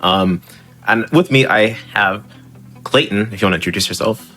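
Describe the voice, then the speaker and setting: A man's voice: on the low side, normal speed, sharp tone, soft background music. A man commentating his own speedrun, rambling, laughing a lot and mocking himself. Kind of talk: casual commentary while playing.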